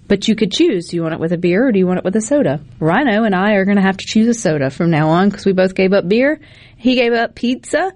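A woman's voice: medium pitch, animated, a little mellow, dry recording. A woman from Mississippi, co-hosting a casual radio talk show in a chatty, folksy way. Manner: chatty, folksy, quick asides.

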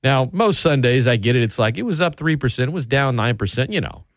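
A man hosting sports talk radio from a studio, ranting with heated sarcasm and sharp emphasis. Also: mid-range voice, expressive, fairly quick, no room sound.

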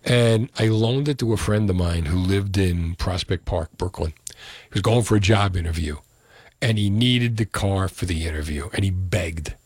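A man hosting a call-in radio show, telling a story with lively jumps in his voice. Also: moderate pace, no echo. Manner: animated storytelling, pitch jumping up when exasperated. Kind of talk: casual call-in radio talk. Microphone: studio microphone.

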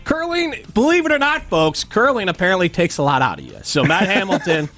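A man's voice: sits high, sing-song, fairly quick, a bit bright, soft background music. A man hosting a sports radio show in a studio, joking with his co-host and reading listener texts aloud. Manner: jokey, teasing, reads listener texts aloud. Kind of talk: casual sports radio banter. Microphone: studio microphone.

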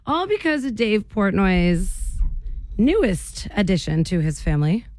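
A woman's voice: mid-range voice, sing-song, unhurried, a little mellow, no echo, clean studio sound. A woman hosting a morning radio show, chatting in a bubbly way and laughing often.

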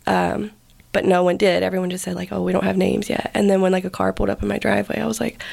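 A woman of middle pitch whose voice sits deep in vocal fry and grit. She tells her personal story to an interviewer in loose, chatty speech. She keeps slipping into the quoted words of the people around her. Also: little pitch movement, quick pace, darkish tone. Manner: casual, filler-heavy, acts out quoted speech. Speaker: podcast guest.

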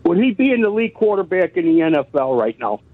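A man's voice: sits high, big pitch swings, fairly quick. A man calling into a sports radio show, hesitant and full of ums and uhs, heard over a tinny phone line. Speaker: caller. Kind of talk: call-in radio chat.

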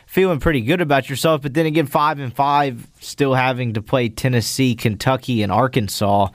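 A man co-hosting sports radio, breaking down a team's schedule in a measured, analytical way. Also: medium pitch, dry recording, clean studio sound. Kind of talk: sports commentary.

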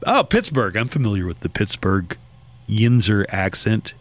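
A man's voice: lowish voice, very animated, normal speed. A man hosting a casual talk show in a studio, reading items out and riffing on them with jokes. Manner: reads out items and riffs on them jokingly. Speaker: show host. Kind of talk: casual chat.

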